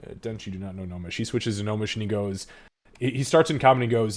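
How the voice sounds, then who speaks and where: A man's voice: lowish voice, fast talker. Man running a tabletop game. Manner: loose, filler-heavy, laughing narration. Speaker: game master.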